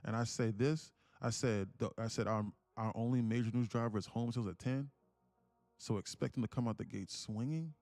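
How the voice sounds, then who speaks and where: Male trading streamer: gravelly, dry close sound, emphatic and repetitive, pitching memberships. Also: a little fast, darkish tone, dry recording. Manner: emphatic, preachy, repeats himself. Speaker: day-trading livestream host. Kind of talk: live-streamed ranting sales pitch.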